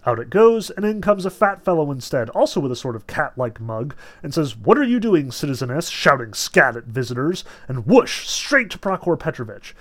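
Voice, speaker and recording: A man's voice: a little high, sing-song, moderate pace, hardly any pauses. A man reading aloud the breathless account of an agitated woman secretary, distraught over a strange visitor.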